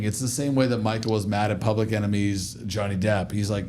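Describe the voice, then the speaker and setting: A man hosting a casual podcast chat, swearing often and telling animated stories. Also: fairly low pitch, fast talker, hardly any pauses, slight background noise. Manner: profane, animated storyteller.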